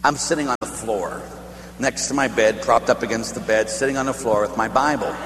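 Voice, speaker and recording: A man's voice: medium pitch, brisk, a bit bright. A man, a priest, giving a retreat talk, telling a personal story with acted quotes and rising emphasis. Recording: echoey hall with long reverb and faint hum.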